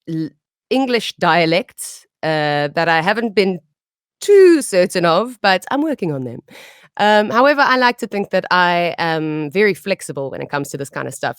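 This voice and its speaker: A woman's voice: fairly low pitch, clean tone, no room sound, studio quality. A young South African woman with a South African accent, chatting bubbly and laughing often as a voice actress in an interview. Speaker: voice actress guest. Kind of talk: casual interview chat.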